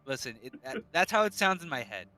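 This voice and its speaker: A man's voice: medium pitch, big pitch swings, brisk, sharp tone, faint music behind. A man playing in a tabletop game, joking and playful. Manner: playful, jokey. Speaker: player. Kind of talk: casual tabletop play.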